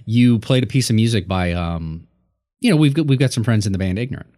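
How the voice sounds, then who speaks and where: A man co-hosting a podcast in casual chat, talking in an animated way with lots of restarts. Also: on the low side, a little fast. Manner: animated, lively storytelling with many restarts. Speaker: podcast co-host.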